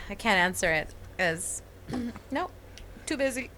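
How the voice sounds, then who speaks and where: A woman's voice: mid-range voice, animated, slow pace, sharp tone, slight background noise. A woman co-hosting a podcast in casual chat, joking bawdily and laughing often. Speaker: podcast co-host.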